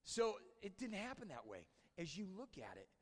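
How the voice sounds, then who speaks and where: A man preaching a conversational sermon as a church pastor, often dropping to a hushed, intense tone. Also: sits high, huge pitch swings, moderate pace, long reverb tail. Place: church sanctuary.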